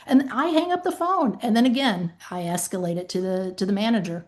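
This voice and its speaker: An emphatic woman with a Southern US accent, talking on a podcast in a middle-pitched voice. She tells stories from her work and acts out phone calls, switching into quoted voices. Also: a little fast, few pauses. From American South. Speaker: podcast co-host, former claims manager. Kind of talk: casual podcast chat.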